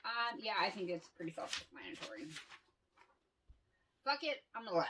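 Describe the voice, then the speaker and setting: A woman's voice: mid-range voice, sing-song, normal speed, long pauses, bright, forceful tone, recorded from a distance, a little hiss or hum, low-quality recording. A woman telling stories in a candid casual monologue, swearing freely and laughing often. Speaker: vlogger.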